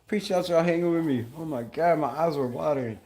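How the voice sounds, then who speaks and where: Excitable man hosting a game-watch stream. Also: a little high, quick pace. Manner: excitable, trash-talking, greets chat viewers. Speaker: livestream host.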